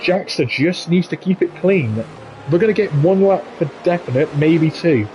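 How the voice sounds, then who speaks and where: A man commentating live on a sim racing league, chatty and jokey with quick asides. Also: a little high, expressive, dark tone, highs cut off, slight background noise. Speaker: esports race commentator.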